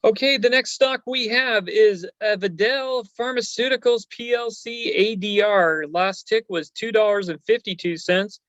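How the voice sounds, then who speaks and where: Man with a high voice hosting a stock chat. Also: measured pace, hardly any pauses, fairly bright tone, no room sound, dull audio. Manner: rambling, hesitant, many fillers. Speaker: stock show host. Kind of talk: casual chat.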